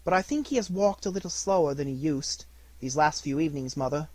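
Quiet bookish boy, respectful, soft, higher pitch, read by a man. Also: fairly quick, no room sound, lightly acted. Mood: subdued.

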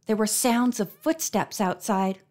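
A woman reading a mystery novel aloud as an audiobook narrator, with steady, clear storytelling. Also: mid-range voice, measured pace. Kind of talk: scripted narration.

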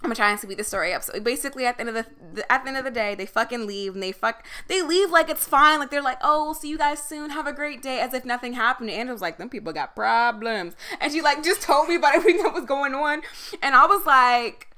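A young woman co-hosting a podcast, telling a story in a casual, animated way, laughing often and swearing freely. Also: sits high, fast talker. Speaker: podcast co-host.

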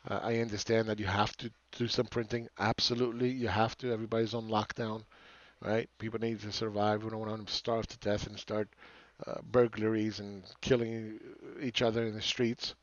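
A man's voice: on the low side, little pitch movement, fairly quick, no echo, highs cut off. A man ranting as a market commentator, sarcastic and profane, who often repeats words and restarts his phrases.

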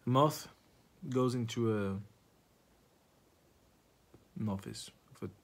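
A stand-up comedian who vlogs tells a rambling, profane, absurd story straight to camera. His voice is mid-range and his pace moderate.

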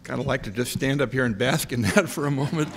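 A man's voice: mid-range voice, a little hiss or hum. Gracious older man giving a formal dinner speech. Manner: measured, gracious, dry humor.

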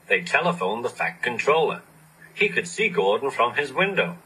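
A man reading a children's storybook aloud, expressive and animated. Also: medium pitch, normal speed, husky, rough recording. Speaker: narrator.

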